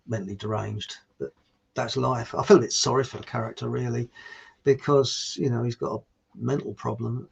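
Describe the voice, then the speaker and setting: A gravelly, husky mid-range male voice. The man hosts his own online show, talking in a casual, meandering live-stream style, making jokes he laughs at himself and reading comments from viewers.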